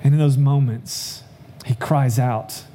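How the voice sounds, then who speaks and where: A man delivers an earnest sermon in a warm, mellow voice of middling pitch. He reads scripture aloud and explains it, slowing down to stress the key lines. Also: steady tone, slight background noise. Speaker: pastor.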